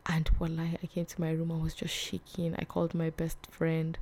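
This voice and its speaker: A young woman, telling a personal story on her vlog in a soft, hesitant way that often drops to a whisper. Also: deep voice, completely flat delivery, fairly quick, few pauses. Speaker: vlog host.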